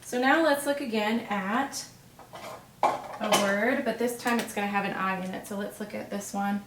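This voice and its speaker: A woman teaching a phonics lesson at a board, patient and encouraging, pausing for the learner's answers. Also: mid-range voice. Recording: roomy echo, distant mic, faint hiss.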